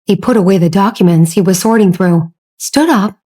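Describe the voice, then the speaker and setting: A woman reading a romance audiobook as scripted narration, telling the story slowly and evenly. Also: mid-range voice, mellow.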